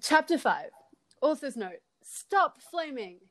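A woman co-hosting a comedy podcast, reading a story aloud with wry, deadpan asides and giggles, close to the mic. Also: high voice, slow, over music.

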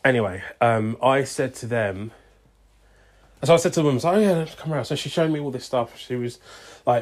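A man's voice: mid-range voice, a little fast. A young man telling a long story casually, acting out both sides of a conversation with lots of "I was like" and "she's like".

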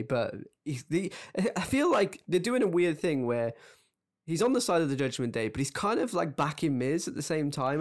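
Male co-host, relaxed rambling opinions, casual chat. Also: medium pitch. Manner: rambling, frequent fillers and restarts. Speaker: podcast co-host.

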